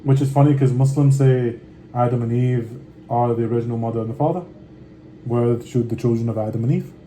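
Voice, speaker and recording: Very mellow-voiced man reading scripture. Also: medium pitch, steady tone, a little hiss or hum, low-quality recording. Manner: deliberate reading with slangy offhand comments. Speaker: scripture reader. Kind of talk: reading scripture aloud with casual asides.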